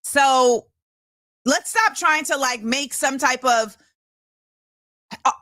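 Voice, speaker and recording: A woman host in her thirties gives an impassioned commentary monologue, emphatic and forceful, repeating rhetorical phrases. Her voice sits high and she speaks slowly, in a dry, studio-quality recording.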